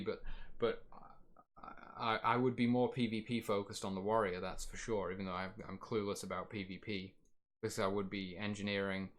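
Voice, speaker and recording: A man's voice: on the low side, a bit bright. A man streaming and chatting casually about his game plans, rambling and correcting himself as he goes, his voice getting a little worn.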